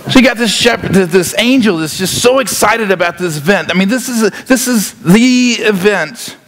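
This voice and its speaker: A male pastor preaching a sermon, animated and often repeating words as he acts out scenes. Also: high-pitched, moderate pace, faint music behind.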